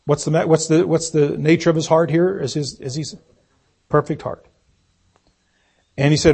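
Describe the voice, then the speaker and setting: A man with a husky, somewhat high voice teaches a Bible class. He reads verses aloud and stops often to ask his listeners what they think the words mean. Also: steady tone, normal speed, long pauses, a little mellow. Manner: questioning, asks the group for answers. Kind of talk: interactive Bible study teaching.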